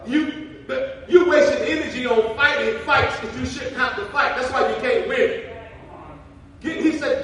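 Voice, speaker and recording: A man's voice: very high voice, unhurried, a bit bright. A man preaching a sermon in a folksy, casual way that rises to fervent calls. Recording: very echoey, far from the mic, faint noise.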